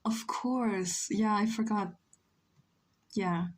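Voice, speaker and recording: Speaking very slowly in a mid-range voice, a young Chilean streamer whose first language is Spanish draws on a livestream while chatting and joking with viewers.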